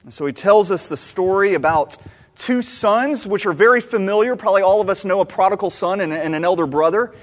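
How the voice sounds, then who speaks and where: A preacher from the American South delivers a sermon with a fairly high, expressive voice. He retells the story animatedly, repeating key phrases. The sound carries a long reverb from a big church sanctuary. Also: a little fast. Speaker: pastor. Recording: long reverb of a large hall.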